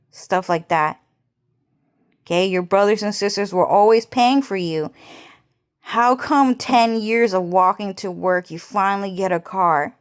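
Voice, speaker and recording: A woman's voice: mid-range voice, measured pace, smooth. A young woman vlogger talking to camera in a rambling, agitated personal monologue, swearing heavily and repeating herself.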